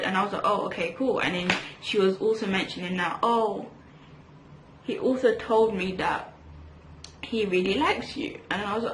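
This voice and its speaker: A woman's voice: mid-range voice, normal speed. A young woman from England, telling a rambling storytime while doing her makeup, full of fillers and restarts. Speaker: vlogger. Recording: echoey room with faint hiss.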